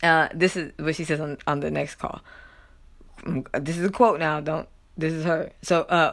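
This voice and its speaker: A commentary vlogger casually discusses a news story, reading it aloud in a loose, chatty style full of fillers and asides. Her voice is a little low for a woman and her speed normal, but she gets loud and animated when quoting, and she laughs.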